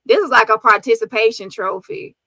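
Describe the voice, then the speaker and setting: High bright sassy woman commentator. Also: a little fast, no room sound, poor audio. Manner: sassy, profane, mocking impressions. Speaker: commentary vlogger. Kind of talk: casual commentary on photos.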